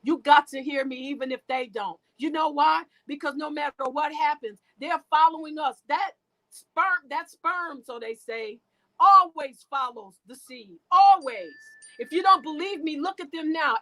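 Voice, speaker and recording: A woman's voice: high-pitched, brisk, hardly any pauses, a bit bright, poor audio. A woman guest speaking in an emotional, preachy way, often repeating and restarting her words. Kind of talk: impassioned spiritual talk.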